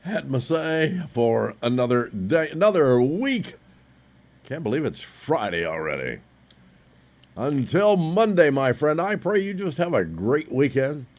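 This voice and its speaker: A man's voice: on the high side, very animated, unhurried, no echo. A man preaching a conversational sermon, earnest and direct, with dry jokes at the close. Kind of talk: radio sermon.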